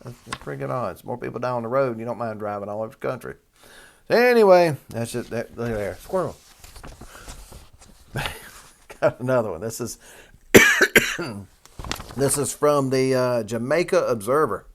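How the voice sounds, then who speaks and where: A man hosts a casual talk show, reading a news story aloud and breaking off for loose, folksy asides. His pitch sits in the middle of the male range, and he talks in an easygoing, rambling way. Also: animated, normal speed, vocal fry, long pauses, fairly bright tone, slight background noise. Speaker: host.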